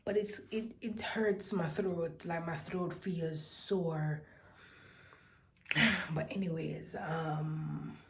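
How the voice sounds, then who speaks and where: A woman's voice: on the low side, fairly even intonation, very slow. An eighteen-year-old woman with a Jamaican accent, chatting casually to her vlog audience and slipping into patois. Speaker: vlogger.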